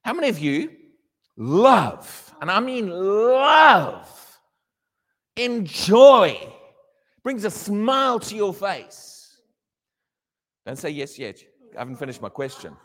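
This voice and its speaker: A man preaching a sermon to a congregation, animated and questioning his listeners, often acting out little dialogues. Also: sits high, unhurried, big-room sound.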